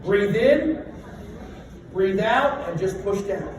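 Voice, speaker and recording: A man's voice: sits high, lively intonation, slow pace, noisy background. A middle-aged man leading a stretching workshop for a group, talking in a playful, joking, self-deprecating way. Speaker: workshop presenter. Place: large room with a live group. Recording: echoey room from a distant mic.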